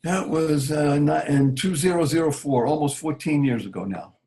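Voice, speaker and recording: A man telling a personal story slowly and earnestly as an interview guest. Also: a little high, dark tone, low-quality recording.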